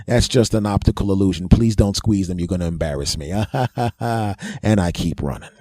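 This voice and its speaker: Middle-aged guy doing a goofy self-roasting story, mellow voice, dry sound. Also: deep voice, normal speed, husky, dry recording. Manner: self-mocking, boastful, laughs at own jokes. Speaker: comedy podcast host. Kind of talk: comic storytelling monologue.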